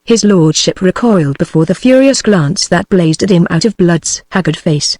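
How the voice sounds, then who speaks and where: A text-to-speech woman's voice with a British English accent, reading an adventure novel aloud in steady, even audiobook narration. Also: fairly low pitch, normal speed, no room sound.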